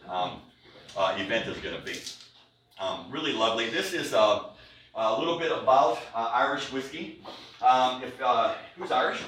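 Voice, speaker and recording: A man's voice: fairly low pitch, fairly bright tone, recorded from a distance, a little hiss or hum. A man presenting a whiskey tasting to a live audience, chatty and jokey, with many fillers. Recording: echoey room, recorded from afar.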